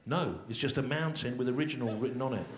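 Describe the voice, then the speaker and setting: A fast-talking male comedian with a mid-range voice does live stand-up and crowd work on a large venue's stage. His delivery is dry, repetitive and mock-exasperated, caught in an echoey, noisy recording with the audience laughing.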